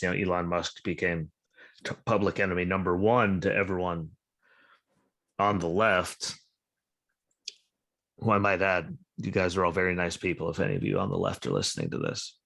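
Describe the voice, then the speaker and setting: A man's voice: low voice, vocal fry, a bit bright. A sleep-deprived man hosting a podcast over a video call, talking in a blunt, sarcastic, profane and rambling way. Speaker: podcast host. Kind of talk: casual political chat.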